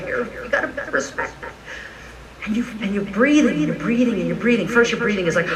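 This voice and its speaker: Animated preacher, distant mic, crowd noise. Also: mid-range voice, fast talker. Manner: animated storytelling, frank and joking. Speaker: minister. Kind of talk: conversational sermon. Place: church or spiritual center, live service.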